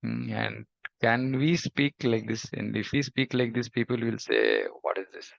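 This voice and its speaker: A man's voice: medium pitch, animated, unhurried, creaky, no echo. A man giving a scripture lecture as a spiritual teacher, emphatic and repeating points for stress. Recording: dull lo-fi recording.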